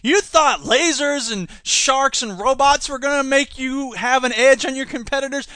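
A man's voice: extremely high pitch, moderate pace, hardly any pauses, pushed and bright, no echo. A man hosting a solo podcast, reading news and mocking it with sarcastic asides and put-on voices. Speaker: podcast host.

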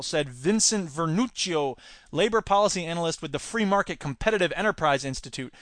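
A man's voice: a little high, lively intonation, fairly quick, fairly bright tone, dry recording, clean studio sound. An American man hosting a podcast, giving rambling, opinionated political commentary and mocking politicians by imitating them. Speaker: podcast host.

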